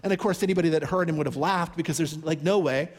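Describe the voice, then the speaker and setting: Man, pastor, sermon, animated storytelling, high pitch, long hall reverb. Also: fast. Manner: animated storytelling, acts out characters' pleas.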